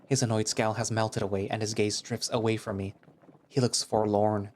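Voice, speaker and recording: A man's voice: lowish voice, fairly even intonation, fairly quick, a little mellow, a little hiss or hum. A man reading a visual novel aloud in first person, with conversational, hesitant, flustered dialogue. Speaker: narrator.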